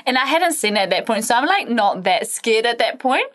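A woman's voice: on the high side, sing-song, normal speed, a bit bright. A woman co-hosting a casual podcast, telling a story with lots of laughter and casual swearing. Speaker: podcast co-host. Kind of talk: casual chat.

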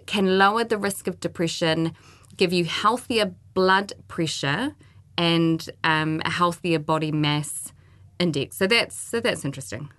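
Kiwi woman, 30s, host; low but bright, close and dry, chatty and self-deprecating. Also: dry recording. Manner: chatty, self-mocking, trails off with fillers. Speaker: podcast host. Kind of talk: casual chat.

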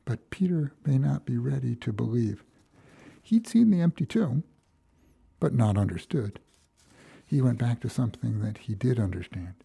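Gravelly-voiced pastor from Minnesota, storytelling sermon. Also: male voice, medium pitch, warm tone, no room sound. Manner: storytelling, reflective, acts out quoted lines.

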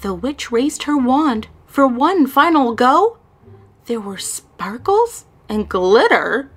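A woman reading a rhyming children's picture book aloud in a lively, sing-song way. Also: high-pitched, slow pace. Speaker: storyteller.

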